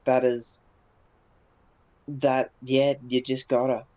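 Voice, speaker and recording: A laid-back man chats on a live stream and answers viewer messages as they come in. His voice sits at an ordinary middle pitch. He swears casually and often stops and restarts his sentences. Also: level tone, takes it slowly, dark tone, rough recording.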